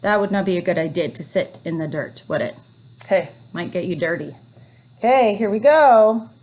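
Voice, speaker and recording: A woman teacher leading a phonics lesson for young children, reading words slowly and encouragingly. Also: on the low side, a little mellow. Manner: slow, encouraging, drawn-out reading.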